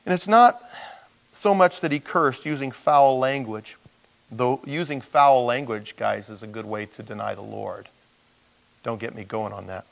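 In an unhurried, gravelly mid-range voice, a middle-aged man gives a sermon to his congregation as their pastor. He performs the characters of the story with animated voices.

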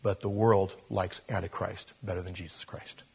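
Husky animated male preacher. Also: deep voice, normal speed. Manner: animated, swinging between loud emphasis and soft asides. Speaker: pastor. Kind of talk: sermon.

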